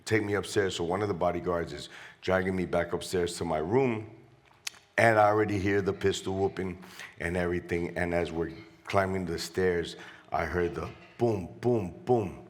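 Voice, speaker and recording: A man's voice: low voice, moderate pace. A middle-aged man from Colombia, a guest on stage, animatedly retelling a story and quoting voices. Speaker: interview guest. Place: live event stage.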